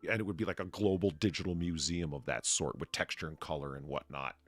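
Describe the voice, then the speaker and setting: Man, stream host, casual rambling chat, low voice, dry sound. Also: quick pace, a bit bright, no room sound, faint music behind. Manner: laughs often, reads mockingly, rambling asides. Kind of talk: casual chat, reading aloud.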